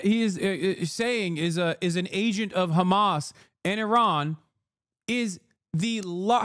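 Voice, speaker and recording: A man streaming political commentary, ranting in profane, exasperated, fast bursts with frequent fillers. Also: sits high, dry recording, clean studio sound. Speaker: streamer reacting to clips.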